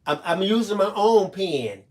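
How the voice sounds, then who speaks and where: A man's voice: high voice, expressive, a little slow. A man hosting a live stream, telling a personal story in casual chat with earnest, preacher-like emphasis. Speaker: live-stream craft show host.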